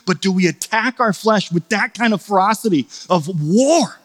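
Man, thirties, pastor, sermon, storytelling then forceful, slightly high pitch, long reverb. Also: lively intonation, moderate pace, few pauses. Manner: storytelling, rising to forceful preaching.

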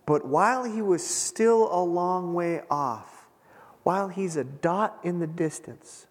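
A man preaching a sermon, retelling a scripture story with dramatic pauses and emphasis. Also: sits high. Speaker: pastor. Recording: long hall reverb.

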